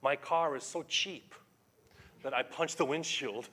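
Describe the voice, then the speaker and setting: A middle-aged male pastor delivers a sermon at an unhurried, measured pace. His voice is bright and forceful, with an emphatic, conversational way of preaching. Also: a little high.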